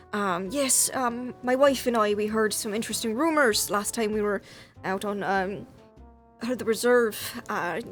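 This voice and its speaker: A genial, wealthy husband, voiced by a woman game master, rambling politely through the plans. His delivery sits slightly low and soft, thick with fillers. Faint music under the voice. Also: natural voice.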